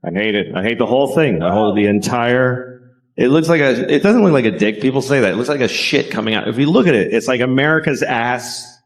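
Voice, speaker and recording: A man's voice: mid-range voice, a little fast. A man doing a stand-up comedy routine, profane and sardonic, with rambling rants.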